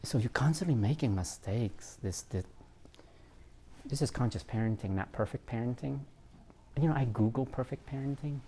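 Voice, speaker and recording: A man's voice: medium pitch, normal speed, mellow, slight background noise. A man, a therapist, giving an informal talk on parenting, reflective and self-mocking, with frequent fillers and laughs.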